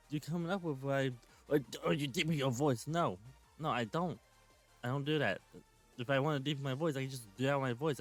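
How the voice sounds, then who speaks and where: A man in his twenties giving a sarcastic, swearing rant while commenting on clips. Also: medium pitch. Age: 20s. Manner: sarcastic, ranting, swears often. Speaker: commentary channel host.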